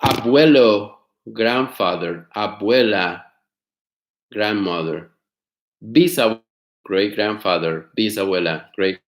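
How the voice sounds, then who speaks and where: A man teaching an online class, explaining words slowly, repeating them and asking his students questions. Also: lowish voice, echoey room. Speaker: Spanish teacher. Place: home studio.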